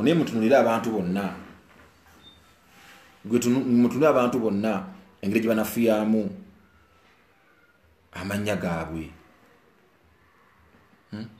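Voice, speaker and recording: A Ugandan man in an emotional direct-to-camera rant, repeating phrases and mixing his local language with English, swinging between quiet brooding and loud outbursts. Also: fairly low pitch, reverberant. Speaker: musician.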